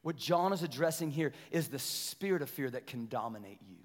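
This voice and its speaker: A middle-aged male pastor preaching a sermon, telling a story with animated energy and then pressing his points with slow emphasis. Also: mid-range voice. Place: church sanctuary. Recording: long hall reverb.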